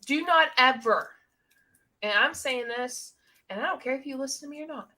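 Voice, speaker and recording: Woman, co-host, blunt and outspoken, bright high voice. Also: normal speed. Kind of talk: casual reaction commentary.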